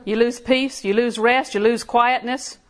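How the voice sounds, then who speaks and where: A woman's voice: a little high, fairly even intonation, measured pace. A woman preaching a sermon in a conversational way, laughing often and building emphasis.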